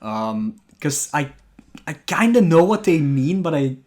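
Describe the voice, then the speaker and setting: A man's voice: fairly high pitch, big pitch swings, a little slow, a little mellow. A man co-hosting a podcast in a laid-back casual chat, laughing easily and stammering over his words. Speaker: podcast co-host.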